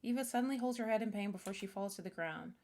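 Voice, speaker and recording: A woman's voice: mid-range voice, quick pace, darkish tone. A woman streamer reading a visual novel's text aloud, with casual asides. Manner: reads every part herself, casual asides. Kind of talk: reading game dialogue aloud.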